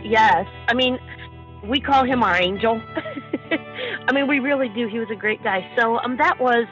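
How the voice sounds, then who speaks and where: Woman, emotional, halting speech, fillers and restarts, slightly high pitch, muffled lo-fi audio. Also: fairly bright tone. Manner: halting, many ums and restarts. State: emotional, holding back tears. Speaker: guest, grieving mother. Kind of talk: emotional interview recollection. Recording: dull lo-fi sound with faint music.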